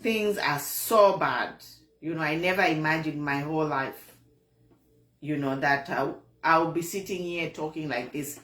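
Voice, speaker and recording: Zambian woman host talking politics slow and earnest, lots of repeating, sounds let down, echoey room. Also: low-pitched, fairly bright tone. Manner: earnest, repetitive, disappointed. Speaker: online show host. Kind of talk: political commentary monologue.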